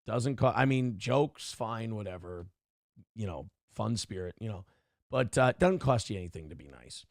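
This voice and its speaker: A man's voice: lowish voice, animated, moderate pace, dry recording, studio quality. A middle-aged man hosting a livestream, reading chat comments and ranting bluntly with frequent swearing. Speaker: streamer host reading chat.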